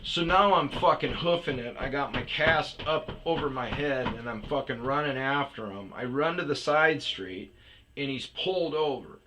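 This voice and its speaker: A man casually telling a profane, animated story about chasing a delivery driver, with yelled reenactments. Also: medium pitch, moderate pace, background noise. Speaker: storyteller host. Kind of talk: casual ranting anecdote.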